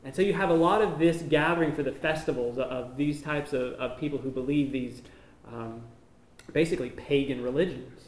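A man's voice: mid-range voice, brisk. Man talking casually in an echoey hall. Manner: conversational, explains each photo casually. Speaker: missionary presenting to a church. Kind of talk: informal slideshow talk. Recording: echoey room.

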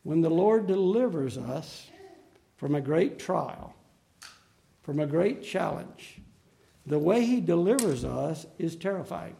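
A man preaching a sermon in an earnest, emphatic way, slowing down to stress key phrases. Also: high voice, gravelly, dark tone.

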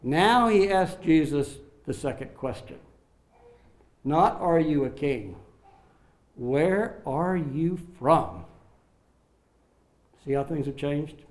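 A man preaching an expository sermon, acting out the quoted lines with swings in loudness and slowing down on key phrases. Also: on the high side. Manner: dramatic, acts out the quoted lines with sharp rises and drops in loudness.

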